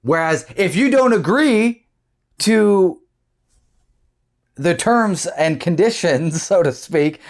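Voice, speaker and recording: A man hosting a casual commentary vlog, animated and often repeating words as he argues his point. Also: high voice, slow, long pauses. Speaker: vlog host.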